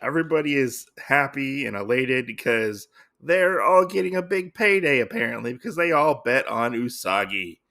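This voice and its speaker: A man's voice: mid-range voice, big pitch swings, moderate pace, pushed and bright. A man hosting a comic podcast, recapping an issue in a rambling, casual way full of fillers.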